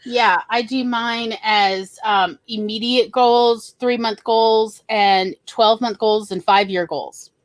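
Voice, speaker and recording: A woman's voice: on the high side, fairly even intonation, slow pace, hardly any pauses, dry recording. A woman with a Southern US accent hosting a casual livestream chat, rambling and laughing easily. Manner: chatty, rambling, laughs often. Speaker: host.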